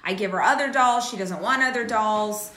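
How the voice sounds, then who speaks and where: A woman co-hosting a casual chat, telling a story in a chatty, lively way. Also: medium pitch, normal speed. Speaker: podcast co-host. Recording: echoey room.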